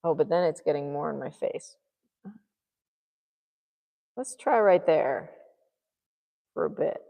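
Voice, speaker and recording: A woman painter thinks aloud while she works, mumbling little notes and nudges to herself. Her voice sits low and has a gravelly fry. She talks at an unhurried pace, and the sound trails off in a long, ringing reverb. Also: animated, mellow. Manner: muttering to herself, musing and self-encouraging. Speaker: artist vlogger.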